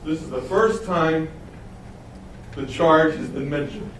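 A man's voice: on the high side, slow. A man preaching a sermon, teaching verse by verse and throwing rhetorical questions to his listeners. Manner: animated, rhetorical questions to the audience. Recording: echoey room heard from a distance, faint noise.

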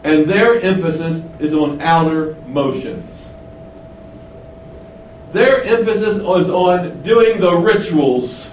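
A man's voice: lively intonation, slow. A man preaching a sermon with emphasis, asking his listeners questions and repeating key lines. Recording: echoey room, mic at a distance, faint rumble.

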